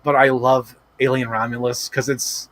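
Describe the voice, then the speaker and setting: A man hosting a livestream, talking in excited, rambling casual chat full of swearing and filler words. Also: medium pitch, normal speed, no room sound. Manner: gushing, profane, rambling with many "like" fillers. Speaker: livestream host.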